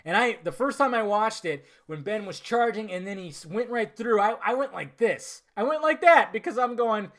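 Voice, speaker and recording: A man's voice: sits high, animated, a little fast, hardly any pauses, a bit bright. A man giving a casual, enthusiastic spoken movie review, rambling with fillers and restarts. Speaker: film reviewer.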